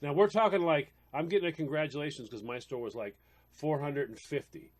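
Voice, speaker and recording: A man's voice: a little high, brisk, a little hiss or hum. A man co-hosting a casual podcast chat, telling a funny story and acting out voices, laughing often. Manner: animated, laughing, acts out quoted voices. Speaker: podcast co-host.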